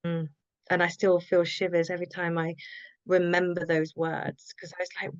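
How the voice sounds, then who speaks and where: A woman, a guest author telling a personal story in a reflective, halting way and often quoting her own thoughts. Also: on the low side, completely flat delivery, clear, resonant tone, no room sound. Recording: dull lo-fi sound, dry.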